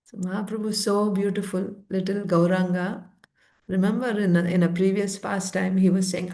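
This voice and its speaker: A woman's voice: medium pitch, fairly even intonation, a little slow, darkish tone. Woman teacher retelling a scripture story. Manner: conversational, with fillers and asides.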